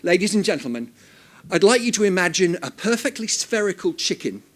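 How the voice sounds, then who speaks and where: A man's voice: sits high, very animated, a little fast, a bit bright, full character voice. A man voicing an earnest, eager young male researcher in a spoken joke.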